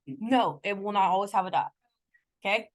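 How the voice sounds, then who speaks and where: A woman with a medium-pitched voice and moderate pace delivers a casual math lecture. She checks in with the class often and jokes playfully about her own slips.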